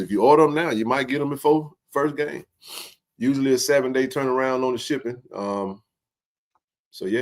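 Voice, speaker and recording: A man hosting a casual sports livestream, animated and joking in colloquial speech. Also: mid-range voice. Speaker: sports talk show host.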